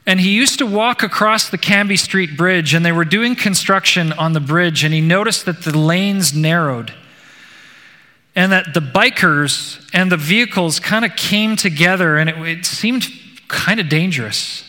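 A man preaching a sermon, telling a story in a slow, earnest and emphatic way. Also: high voice, sharp tone. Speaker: pastor. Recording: long hall reverb.

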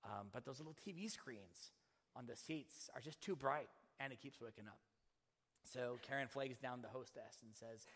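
In a hall with noticeable reverb, a pastor in his thirties shares a personal story during his sermon. He's an animated storyteller who acts out quoted voices, speaking at normal speed in a mid-range voice.

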